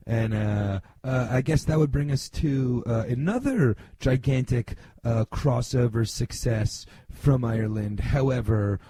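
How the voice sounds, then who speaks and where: A man's voice: medium pitch, dark tone, slight background noise. A middle-aged man from New Jersey hosting a podcast, talking in a casual, rambling monologue full of fillers, blunt and sometimes swearing. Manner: rambling, many fillers and restarts. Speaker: podcast host.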